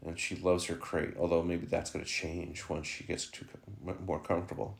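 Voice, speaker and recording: A man's voice: low voice, flat delivery, normal speed, creaky. A man vlogging casually at home about his new puppy, joking and slipping into fond baby talk with her. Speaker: vlogger and dog owner.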